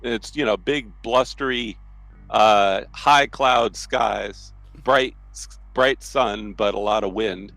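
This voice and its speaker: Gravelly game master narrating a scene. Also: male voice, on the low side, slow pace, fairly bright tone, no room sound, rough recording. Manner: describes scenes loosely, with frequent restarts.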